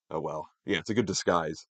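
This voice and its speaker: A man's voice: low-pitched, unhurried, creaky, fairly bright tone. A man co-hosting off to the side, chiming in with short replies and laughs.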